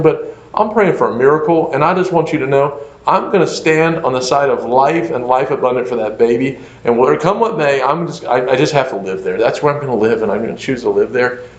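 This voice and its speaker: A man, a pastor, telling a story in a conversational lecture, animated and full of fillers like "like" and "you know". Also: on the high side, fast talker. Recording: echoey room, dull lo-fi sound.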